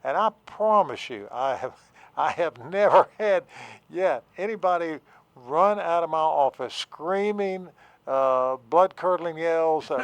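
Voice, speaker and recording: Halting man, therapist on radio. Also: a little high, expressive, no echo. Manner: halting, many fillers and restarts. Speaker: therapist and professor, radio guest. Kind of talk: casual radio talk.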